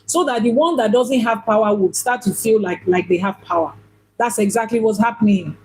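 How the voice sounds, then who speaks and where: A woman with a husky, fairly high voice teaches on spiritual matters as an Ifá priestess. She talks emphatically and often repeats a phrase to drive the point home. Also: brisk, a little mellow, poor audio.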